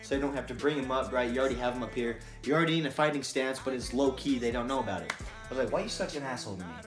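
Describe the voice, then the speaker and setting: A man telling a personal story to camera in a casual, animated and profane way, often checking in with "right?". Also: mid-range voice, very fast. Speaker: vlogger. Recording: roomy echo, faint music.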